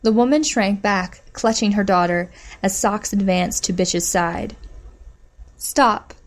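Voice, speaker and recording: Female audiobook narrator, mid pitch, steady measured delivery for story narration. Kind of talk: scripted narration.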